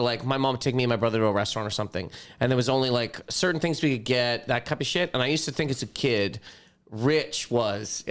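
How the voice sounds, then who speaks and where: This is a comedian man in casual conversation on a podcast. He is brash and profane, and he keeps breaking into mocking impressions of other people. His voice sits at an average pitch. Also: fairly bright tone, clear, resonant tone. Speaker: comedian guest. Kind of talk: casual interview chat.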